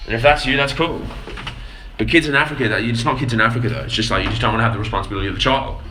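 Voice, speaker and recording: Racing through his words in a medium-pitched voice, a man rants profanely to his live viewers amid a noisy background. He responds to chat casually, tripping over repeated words as he searches for what to say.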